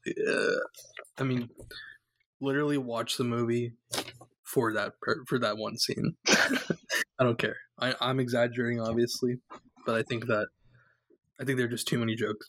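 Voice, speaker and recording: A man's voice: mid-range voice, a bit bright, dry recording. Enthusiastic man gushing about a movie. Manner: enthusiastic, laughs often, gushing. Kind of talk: casual movie recap chat.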